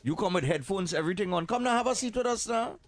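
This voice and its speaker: Jovial radio host, lively pitch. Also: male voice, fast, a crowd in the background. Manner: jovial, teasing, loose. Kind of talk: casual live radio chat with students.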